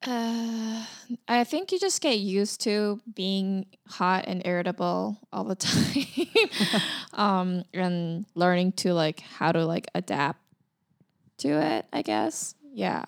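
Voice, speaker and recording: Woman guest w a bit of fry, lots of um and like, chatty. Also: medium pitch, animated, slow. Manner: hesitant, lots of "um" and "like". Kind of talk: casual chat.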